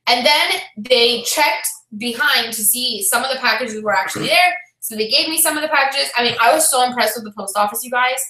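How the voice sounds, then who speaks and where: A woman hosting a home vlog, telling a story loudly and with excitable energy. Her voice is high and bright, and it echoes around a roomy indoor space. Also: brisk, few pauses. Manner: loud, animated and excitable. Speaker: vlogger host. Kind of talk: casual storytelling to the camera.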